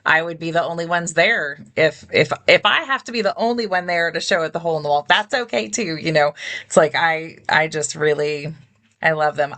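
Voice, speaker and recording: A woman hosting a podcast, speaking in a heartfelt, halting way in casual conversation. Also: on the low side, a bit bright. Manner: heartfelt, halting, repeats words. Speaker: podcast host. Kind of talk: casual interview chat.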